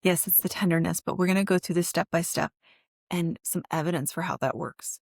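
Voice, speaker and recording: A woman's voice: on the low side, fairly even intonation, brisk, vocal fry, a little mellow, no room sound, studio quality. A woman therapist hosting her own self-help podcast. She talks directly to the listener in an earnest, encouraging, emotionally open way.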